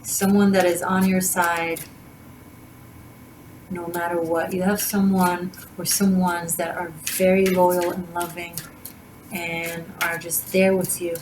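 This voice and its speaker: A tarot reader with a slightly low voice talks in a gushing, wandering way, often breaking off and restarting her sentences. A faint noise sits behind her voice. She speaks casually and warmly, straight to her viewers. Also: flat delivery, takes it slowly. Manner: gushing, rambling with many restarts and fillers. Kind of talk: casual spiritual reading to camera.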